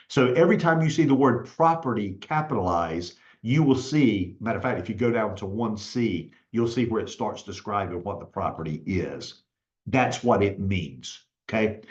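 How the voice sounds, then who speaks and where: A man teaching real estate students, patiently explaining a contract and checking in with "okay?" as he goes. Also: mid-range voice. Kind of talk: recorded lecture walking through a contract. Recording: roomy, slightly dull recording.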